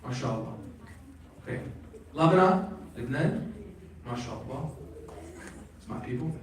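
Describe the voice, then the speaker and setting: A man's voice: fairly high pitch, animated, normal speed, darkish tone, slight background noise. A man giving an emphatic religious lecture to a live audience, calling out questions to the crowd. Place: large hall at an Islamic center. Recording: echoey hall, voice from far off.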